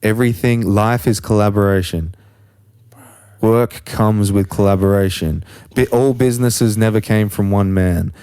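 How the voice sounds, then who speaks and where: Low-voiced man, rambling and swearing. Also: moderate pace, warm tone, clean tone. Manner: rambling, swears freely, philosophizing. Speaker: podcast host. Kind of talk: casual conversation.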